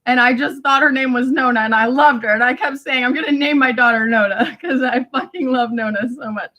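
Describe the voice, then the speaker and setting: A woman talking to friends in a rambling, animated monologue, laughing often and swearing casually. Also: high voice, fairly quick. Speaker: vlogger addressing family friends.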